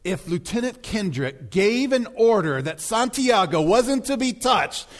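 An intense young military lawyer fires off pressing questions, his voice climbing high and lively, as a male preacher acts him out. He pushes harder with each line, insistent and sharp. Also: measured pace. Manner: insistent, rising to a shout.

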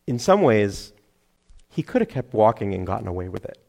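A middle-aged man preaching a sermon, animated, acting out crowd voices and laughing at himself. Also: lowish voice, normal speed, gravelly. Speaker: pastor.

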